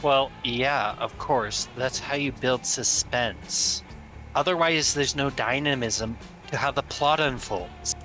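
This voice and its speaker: A man's voice: mid-range voice, slow pace, soft background music, voice pushed down. A man voicing an irritated young female witch who just wants to read, in a dry, sarcastic way. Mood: deadpan. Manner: deadpan, sarcastic.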